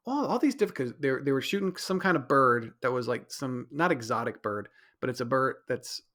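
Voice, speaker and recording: This podcast host's voice is mid-range and a bit bright, with a slightly stuffy nose. Hosting alone and casually, he rambles, keeps interrupting himself with corrections, and raises his voice to mimic other people.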